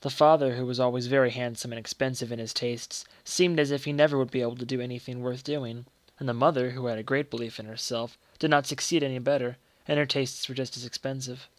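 A man giving a steady, measured storybook narration. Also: mid-range voice, no room sound. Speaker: reader.

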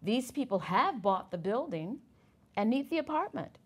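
A man's voice: very high voice, sing-song, moderate pace, husky, exaggerated voice. Polite old banker, read by a woman. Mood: reasonable. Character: polite older male banker, reserved.

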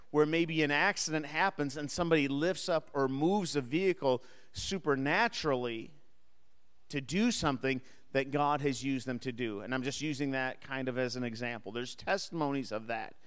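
Smooth-voiced man teaching a Bible class. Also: medium pitch, normal speed, fairly bright tone, long reverb tail. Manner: engages the class with questions and light humor. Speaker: Sunday school teacher. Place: church classroom or hall.

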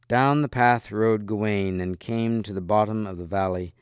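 A man reading a chapter of a classic tale aloud in a measured, expressive way. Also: on the low side, smooth, no room sound, studio quality. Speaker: reader. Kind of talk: storybook read-aloud.

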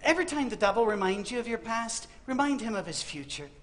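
Animated, high-voiced male preacher. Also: fast, slight background noise. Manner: animated storytelling with comic asides and acted-out quotes. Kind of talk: humorous sermon. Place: university auditorium.

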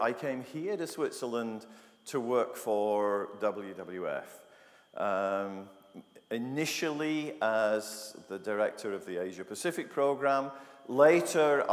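A middle-aged man from England giving a talk to an audience, wry and jokey, often asking the room questions. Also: medium pitch. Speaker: conference speaker. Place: university lecture hall. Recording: long reverb of a large hall.

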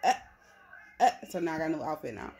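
A young woman chatting casually to the camera in a vlog, with an animated, storytelling manner. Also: low-pitched, very fast, vocal fry. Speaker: vlogger.

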